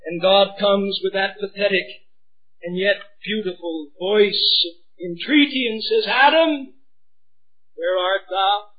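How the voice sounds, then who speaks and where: High-pitched guy preaching a fiery sermon, loud then quiet, muffled old tape. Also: steady tone, measured pace. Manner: impassioned, swings from hushed pleading to shouting.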